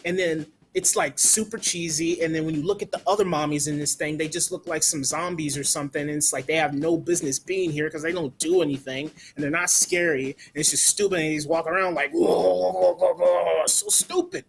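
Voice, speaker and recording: A man's voice: a little high, steady tone, a little fast, hardly any pauses, a little hiss or hum. A man giving a blunt, casual movie review, ranting with lots of "like" and some swearing.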